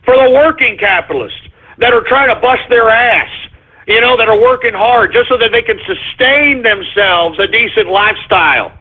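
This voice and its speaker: Husky-voiced man ranting on call-in radio. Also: extremely high pitch, normal speed. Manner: exasperated, swearing, ranting. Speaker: radio show host. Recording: tinny phone-like line.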